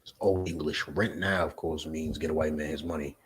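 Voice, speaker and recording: A man with a New Jersey accent teaching scripture in an emphatic, profane style, swinging between loud outbursts and low asides. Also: steady tone, moderate pace, heavy background noise. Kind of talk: street preaching lesson.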